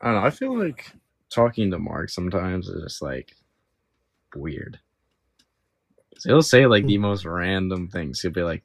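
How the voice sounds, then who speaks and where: A young man co-hosting a podcast, telling animated stories in casual chat, swearing freely and acting out what people said. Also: sits low, moderate pace, pauses often, dry recording. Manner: animated storyteller, swears freely, acts out quotes. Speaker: podcast co-host.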